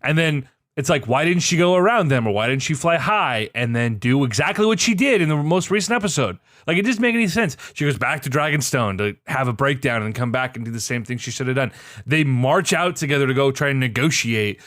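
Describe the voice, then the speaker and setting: A young man venting on a casual podcast, profane and exasperated, voice leaping up in pitch at each outrage. His pitch sits in the middle of the male range. The recording is dry and close, with no room sound. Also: animated, fairly quick, fairly bright tone, no room sound. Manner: profane, exasperated ranting with sudden high outbursts. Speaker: podcast co-host. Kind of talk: casual chat.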